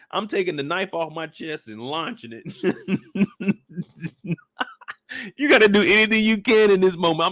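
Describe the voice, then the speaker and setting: A young man talks through a TV episode in a loose, animated and profane way, cracking jokes and now and then breaking into shouts. His voice sits a little high for a man. The sound is dry and close, with no room around it. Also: no echo. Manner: animated, profane, joking, jumps into loud shouted bits. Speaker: show recap reviewer. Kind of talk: casual live recap commentary.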